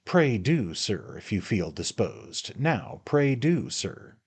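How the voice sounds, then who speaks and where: A man voicing a pompous lawyer who speaks with stiff, mocking politeness, in a husky audiobook reading. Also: mid-range voice, very animated, takes it slowly, pitched above the performer's own voice, full character voice. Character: pompous, smug male lawyer. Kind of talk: audiobook character voice.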